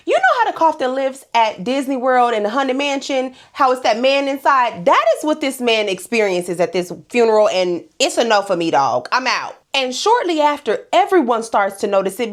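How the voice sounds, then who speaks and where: A sassy woman from Louisiana hosts a comedic TV episode recap. Her voice sits high and swings widely as she talks straight to her viewers with pet names. She laughs often as she goes. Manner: laughs often while talking. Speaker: host.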